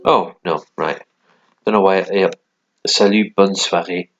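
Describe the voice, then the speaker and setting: A man explains a lesson at an unhurried pace and keeps stopping for ums and restarts. His voice sits low and deep, and he talks casually into a desk mic. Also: muffled recording, soft background music. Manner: hesitant, many ums and restarts. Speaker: language learner.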